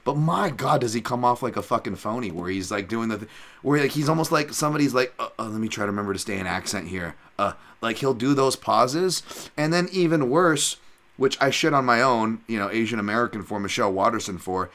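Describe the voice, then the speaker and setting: A man's voice: mid-range voice, bright, forceful tone. A man from Hawaii hosting a podcast, talking in a blunt, profane, rambling way with many restarts. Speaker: podcast host. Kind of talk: casual podcast chat.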